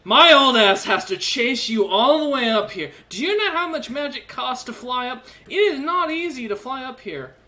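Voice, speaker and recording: A man's voice: very high voice, animated, normal speed, hardly any pauses, sharp tone, pitched above the performer's own voice, exaggerated voice. A man voicing a grumpy old giant dwarf mage who scolds and lectures. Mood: exasperated. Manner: gruff, scolding, exasperated.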